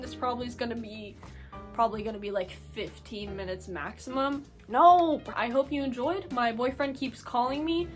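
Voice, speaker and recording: A young woman vlogger who reads scary stories aloud in an animated voice, acting out the lines and breaking off to laugh and add chatty asides. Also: high voice. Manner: animated, acts out lines in the story.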